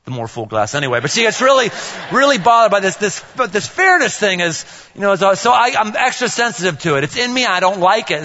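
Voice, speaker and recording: Man, middle-aged, pastor, sermon, playful, animated, bright tone, muffled hall recording. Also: a little fast. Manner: animated, playful, acts out dialogue with big pitch jumps.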